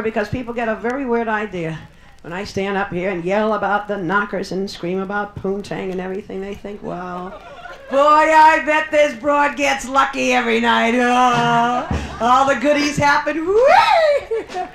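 A woman's voice: medium pitch, slight background noise. A woman doing bawdy live stand-up comedy in a Las Vegas showroom, teasing the audience with brassy banter. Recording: roomy live club recording, loud crowd.

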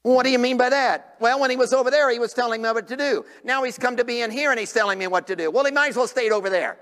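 An older man preaching a revival sermon in a church, animated, swinging from shouts down to near whispers. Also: extremely high pitch, fast talker, in a large hall. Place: church sanctuary.

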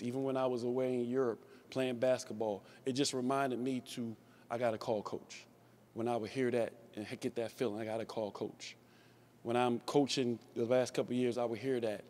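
A man's voice: medium pitch, a little mellow. A man in his forties, a former player, tells anecdotes in a memorial speech, often restarting and repeating words. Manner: storytelling, repeats and restarts words, laughs along.

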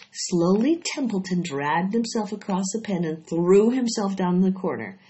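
A woman reading a children's story aloud in a steady, expressive way. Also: fairly low pitch, normal speed, hardly any pauses. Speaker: audiobook reader. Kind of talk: storybook read-aloud narration. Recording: dull lo-fi recording.

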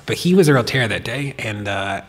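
A man telling a personal story to a host on stage, animated, laughing often and talking with lots of fillers. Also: lowish voice, a little fast. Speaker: podcast guest. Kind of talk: storytelling in a live talk. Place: stage of a performance venue. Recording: long reverb of a hall.

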